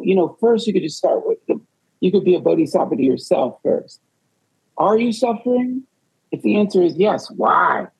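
A man's voice: a little high, creaky, darkish tone, husky, rough recording. A man on a retreat panel, talking in a rambling way with self-deprecating humor. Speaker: podcast host.

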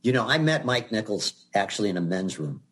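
A man's voice: on the low side, big pitch swings, a little fast, a bit bright. An older man, a guest actor, telling chatty anecdotes in an interview with laughs and restarts. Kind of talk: storytelling in an interview.

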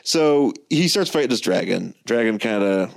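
A man's voice: fairly low pitch, normal speed, gravelly. A man co-hosting a podcast, casually retelling a comic story with lots of restarts and asides. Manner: rambling, frequent restarts, animated retelling. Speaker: podcast co-host. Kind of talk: casual comic book discussion.

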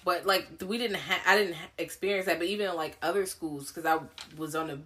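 A young adult woman co-hosting a podcast, chatting frankly and profanely while telling animated stories. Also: fairly low pitch, fast talker. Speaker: podcast co-host. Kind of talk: casual chat.

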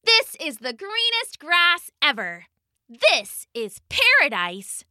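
A high, bright little girl bunny squeaks and exclaims her way through a storybook, as a woman puts her on. Her voice leaps up and down with eager surprise, crisp and close to the mic. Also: huge pitch swings, slow, dry recording, heavily acted. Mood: delighted. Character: little female bunny, eager and easily startled. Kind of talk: storybook reading.

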